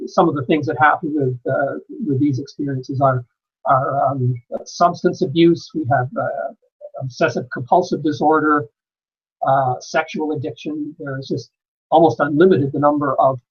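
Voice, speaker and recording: A man lectures at a conference in a measured way, pausing often on "uh" as he gathers his thoughts. His voice sits a little high and sounds husky. The recording is dull and lo-fi. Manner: measured, with frequent "uh" pauses. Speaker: conference speaker. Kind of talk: lecture presentation. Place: conference hall.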